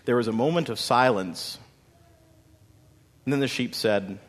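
A man narrating a story in a dramatic, expressive way with folksy asides. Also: mid-range voice, a little slow, pauses often. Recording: long hall reverb.

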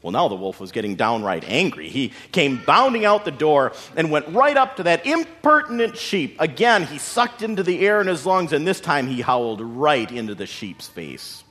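A man narrating a story in a dramatic, expressive way with folksy asides. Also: on the high side, normal speed, few pauses. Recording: long hall reverb.

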